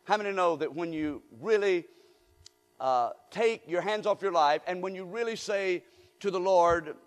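High-voiced preacher calling out to a congregation. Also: male voice, normal speed, big-room sound. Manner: call-and-response preaching, rising to shouts. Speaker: pastor. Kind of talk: sermon. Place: church sanctuary.

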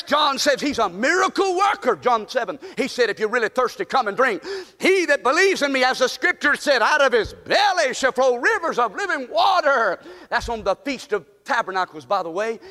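A man preaching a fervent sermon, often shouting and calling the congregation to repeat after him. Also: very high voice. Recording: long reverb in a large hall.

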